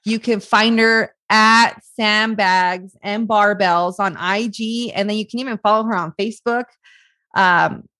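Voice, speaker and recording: A woman's voice: medium pitch, steady tone, measured pace, sharp tone, no room sound. A woman hosting a podcast over a video call, emotional and gushing, often close to tears as she thanks her guest. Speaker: podcast host. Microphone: video call audio.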